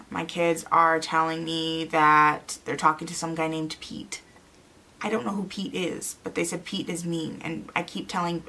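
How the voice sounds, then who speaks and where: A young adult woman telling a story to camera in a casual vlog, anxious and quick to quote her own reactions. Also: low voice, creaky, fairly bright tone. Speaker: vlogger.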